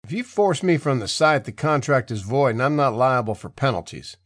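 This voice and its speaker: A man voicing a calm, stubborn male logging contractor who talks dry and steady in an audiobook. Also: medium pitch, normal speed, dry recording, close to an everyday voice.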